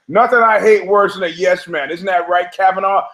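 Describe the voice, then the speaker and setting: A man hosting a talk show, delivering a rambling, emphatic monologue, swearing, stumbling over words and slipping into quick mimicry of other people. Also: high-pitched, a bit bright. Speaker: podcast host. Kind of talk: opinionated monologue.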